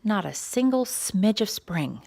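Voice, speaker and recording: A woman reading a children's storybook, voicing a cheerful, bossy female groundhog in a bright, brisk way. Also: medium pitch, very animated, gravelly, slight background noise. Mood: chirpy.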